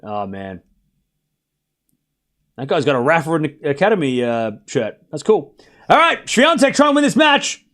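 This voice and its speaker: Young male streamer, high voice, quick excitable tennis call to chat, drops to a mutter then shouts. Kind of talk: live play-by-play commentary to chat.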